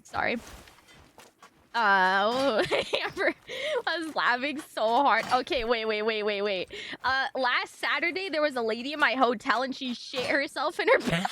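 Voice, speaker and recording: A woman's voice: fairly high pitch, expressive, unhurried, background noise. A young woman streaming live, chatting casually with her viewers in a giggly, rambling, apologetic way.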